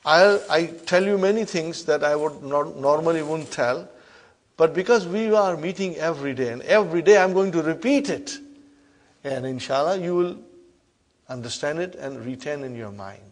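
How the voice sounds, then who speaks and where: Man, grammar teacher, slightly high voice, loud stress on key words then quiet drops, repetitive drilling. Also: normal speed. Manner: repetitive call-and-response drilling, frequent check-ins; emphatic, loud rises on key terms then soft drops. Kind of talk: classroom lesson.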